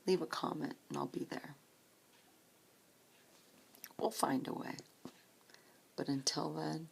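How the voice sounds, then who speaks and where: A woman in her late forties speaking slowly and softly in a personal vlog, often close to a whisper, holding back tears. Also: deep voice, steady tone, vocal fry, a little hiss or hum. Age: 40s. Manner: slow, soft-spoken, often near a whisper, earnest. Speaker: vlogger.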